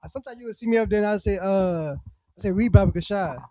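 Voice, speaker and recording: A man who also teaches classes, joining in with quick, halting remarks and repeated words. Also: sits high, warm tone, dry recording, studio quality. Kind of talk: casual chat.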